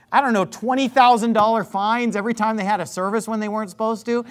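A man preaching a fiery sermon as pastor, sarcastic and combative, swinging between loud emphatic lines and muttered asides. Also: high-pitched.

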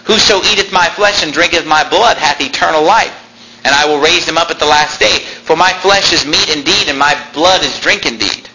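Emphatic preacher with a bright, forceful voice. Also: male voice, on the high side, moderate pace, a little hiss or hum, poor audio. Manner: emphatic, repeating phrases, quoting scripture in old-fashioned English. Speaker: pastor. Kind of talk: sermon.

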